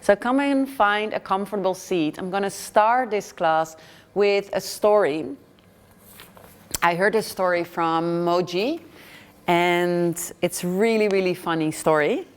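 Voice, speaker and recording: A woman teaching a yoga class, calm and gentle, telling a story as she guides. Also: fairly low pitch, measured pace.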